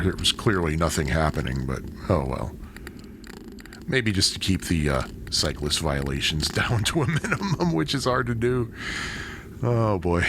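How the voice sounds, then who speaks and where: A man casually narrating while riding his bike through city streets, rambling on with chatty, self-deprecating asides, recorded on a bike-mounted camera. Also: low voice. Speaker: cycling vlogger. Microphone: bike- or body-mounted action camera. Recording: outdoor wind and traffic noise.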